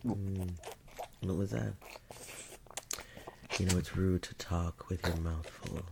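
Man playing a non-human creature, whispered role-play, very low gravelly voice, slow and teasing, faint hiss behind. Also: fairly even intonation, full character voice. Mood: taunting. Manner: taunting, breathy, often whispered, with chuckles. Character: dominant, mocking non-human male creature.

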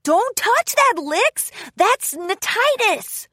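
A woman's voice: very high voice, very animated, slow, pushed and bright, no echo, studio quality, pitched above the performer's own voice, exaggerated voice. A woman voicing a brash, tomboyish young female pegasus pony who hollers eagerly in a storybook reading. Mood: excited.

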